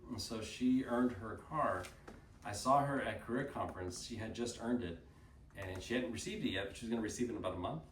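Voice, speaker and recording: A man giving a casual storytelling talk to a group, animated, often laughing, and acting out the people he quotes. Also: fairly low pitch, fairly quick. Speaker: group presenter. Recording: roomy sound from a distant mic, faint noise.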